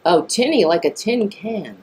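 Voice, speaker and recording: A woman's voice: mid-range voice, lively intonation, unhurried, a little mellow, husky. A woman hosting a live political talk stream, reading news items and making blunt, profane asides, on a mic that sounds tinny. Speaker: political talk show host.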